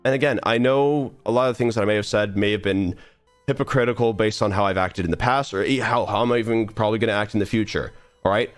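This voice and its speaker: A man's voice: on the low side, quick pace, no echo, faint music behind. A young man streamer talking earnestly in a casual, rambling monologue full of restarts while he plays a game. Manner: rambling, earnest, many restarts and trailing asides.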